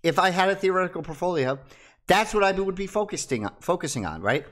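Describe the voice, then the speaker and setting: A young man with a slightly high voice whose pitch jumps all over the place. He talks to camera like a casual crypto YouTuber, teasing his viewers, with loud bursts and hushed asides. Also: expressive, fast.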